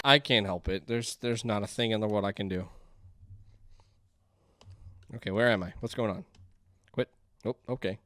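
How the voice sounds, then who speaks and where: A man playing indie games and thinking aloud, chatty and quick to get excited. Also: mid-range voice. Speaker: gaming YouTuber. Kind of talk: let's play commentary.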